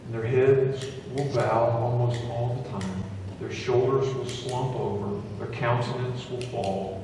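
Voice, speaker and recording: Earnest pastor preaching in echoey hall. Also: male voice, medium pitch, steady tone, unhurried, background noise. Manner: earnest preaching, swinging between hushed storytelling and raised fervent appeals. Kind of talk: sermon. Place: church sanctuary. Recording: echoey church hall from a distance.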